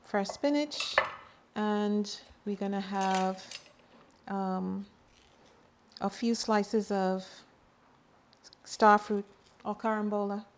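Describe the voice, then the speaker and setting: A middle-aged woman talks through a recipe in her home kitchen. She takes her time, with a mid-range voice and a relaxed, chatty manner full of little personal asides. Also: medium pitch, very slow, long pauses, a little hiss or hum. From Bahamas. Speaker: home cook and farmer. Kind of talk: cooking demonstration.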